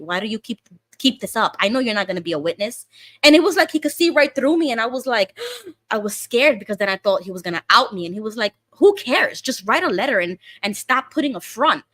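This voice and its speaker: Bright-voiced woman hosting a casual chat. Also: mid-range voice, no room sound. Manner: animated storytelling, acts out quoted speech. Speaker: host.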